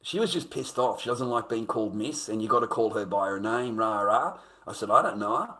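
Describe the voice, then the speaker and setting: A man's voice: on the low side, animated, a little fast, sharp tone. A man who grew up in America, telling a story in a casual, rambling way and swearing freely as he retells a confrontation. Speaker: streamer.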